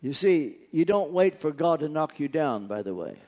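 A man's voice: fairly high pitch, sing-song, normal speed, dark tone. A man preaching a sermon, telling a personal story earnestly and stressing key words through repetition. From United States.

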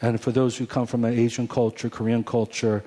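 Pastor in his 40s, sermon testimony; warm low voice with a husky edge, earnest, restarts often. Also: level tone, a little fast. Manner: earnest storytelling with many restarts.

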